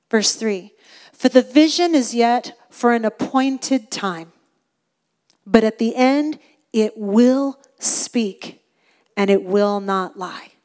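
A woman's voice: on the high side, darkish tone. A middle-aged woman preaching a sermon in an earnest, emphatic way, repeating phrases for stress.

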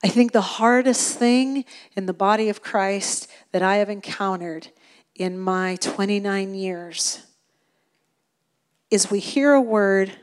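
A woman's voice: medium pitch, takes it slowly. A middle-aged woman preaching a sermon in an earnest, emphatic way, repeating phrases for stress.

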